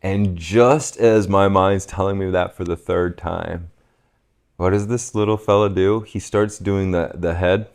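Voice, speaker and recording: A man from West Virginia, a podcast guest, telling a relaxed, reflective story and laughing at himself. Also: low-pitched, measured pace. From West Virginia, USA. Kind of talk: casual storytelling conversation.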